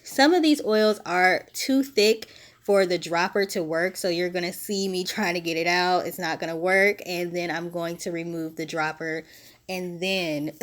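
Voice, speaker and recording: Recording on a phone, a woman narrates a casual how-to voice-over for her spiritual DIY video. Her voice is fairly low, she sounds a little short of breath, and she explains each step in a relaxed, chatty way with small laughs.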